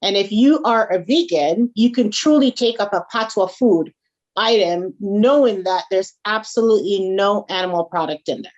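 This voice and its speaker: A woman's voice: medium pitch, normal speed, darkish tone. A woman from a Caribbean background tells her story in a casual interview. She keeps checking in with "right?" and "you got it" as she goes. The recording is slightly dull and lo-fi. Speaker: guest, small food business owner.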